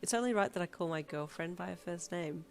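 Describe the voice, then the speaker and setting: A woman's voice: lowish voice, expressive, slow pace, a bit bright, soft background music, heavily acted. A woman voicing a cheerful, goofy teenage girl with a playful, theatrical way of talking, in a storybook reading.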